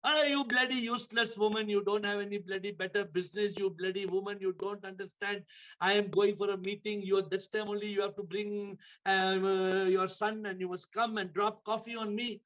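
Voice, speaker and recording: Guy doing a raging young businessman, shouty and high-pitched, muffled call sound. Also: steady tone, measured pace, pauses often, full character voice. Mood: furious. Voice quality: shouting, explosive. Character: furious young male businessman, hot-tempered.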